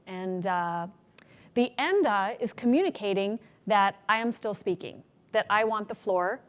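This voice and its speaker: A woman presenting a workshop on public speaking, energetic and acting out examples of good and bad delivery. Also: medium pitch, moderate pace. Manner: energetic, demonstrates examples in changed voices. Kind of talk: teaching a conference workshop.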